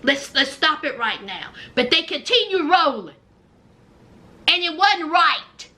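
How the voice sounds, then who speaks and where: A woman giving a casual reality TV recap, telling the story in an animated way and talking straight to her viewers. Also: extremely high pitch. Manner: exclaims and acts out quotes.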